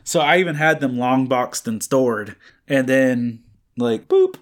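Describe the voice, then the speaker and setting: A man in his thirties talks in a loose, rambling way, piling on fillers and false starts as he tells a story. His pitch sits in the middle range for a man. He co-hosts a relaxed comics chat show. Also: a little slow. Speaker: podcast co-host. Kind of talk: casual chat.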